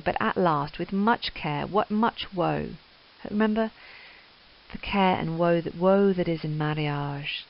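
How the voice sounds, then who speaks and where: Lady teacher going through old english poetry, really enthusiastic, lower voice, muffled lo-fi audio. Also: creaky. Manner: enthusiastic, emphatic explanation. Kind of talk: lesson reading and annotating Middle English verse. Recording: dull lo-fi recording.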